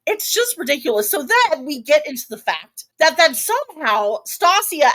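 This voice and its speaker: Animated woman telling a story. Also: fairly high pitch. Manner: animated, many asides and restarts. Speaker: podcast co-host. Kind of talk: casual storytelling chat.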